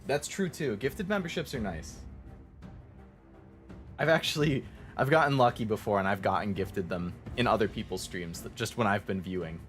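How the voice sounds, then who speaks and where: A male streamer chats loosely while he plays a game, rambling through thoughts and padding them with "like". His voice sits a little low. Faint game music plays underneath. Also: brisk, a bit bright. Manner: chatty and rambling, many "like"s. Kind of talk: casual game stream chat.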